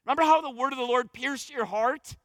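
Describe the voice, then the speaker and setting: A man's voice: extremely high pitch, brisk, fairly bright tone, no room sound. A man preaching a sermon from a church stage, exhorting with fervent, repetitive urgency. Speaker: pastor.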